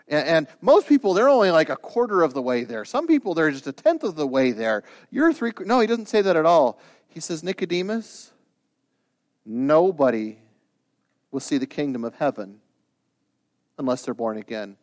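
A man's voice: a little high, lively intonation, normal speed. A man preaching a sermon as pastor. He talks in an earnest, conversational way, then builds to emphatic, rising bursts. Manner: conversational asides with restarts.

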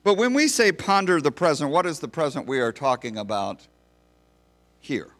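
A man's voice: a little high, sing-song, moderate pace, a bit bright. A man preaching a sermon to a congregation in a folksy, storytelling manner. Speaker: pastor.

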